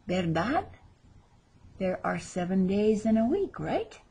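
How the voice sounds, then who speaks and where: A woman's voice: medium pitch, wildly swooping pitch, slow, warm tone, breathy edge. A woman teaching a recorded language lesson, patiently repeating each word for her learners, with a light touch of self-teasing humor. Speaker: Spanish teacher.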